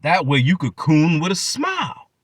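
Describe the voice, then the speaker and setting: A man's voice: on the high side, wildly swooping pitch, moderate pace, dry recording, clean studio sound. A man hosting his channel, ranting in profane reaction commentary and mocking people with repeated phrases. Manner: mocking, profane rants with many repetitions. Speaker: channel host.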